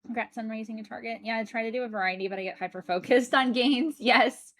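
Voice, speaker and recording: A woman's voice: a little high, steady tone, fast, fairly bright tone. A woman livestreaming, chatting casually with her viewers, chatty and rambling with frequent fillers and restarts. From United States. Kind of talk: casual chat while reading chat.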